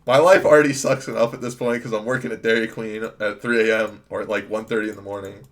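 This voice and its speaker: A man's voice: lowish voice, level tone, quick pace. A young man telling a rambling, self-mocking story in casual speech while playing an online card game. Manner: rambling anecdote with filler "like", laughing at himself. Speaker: gaming streamer.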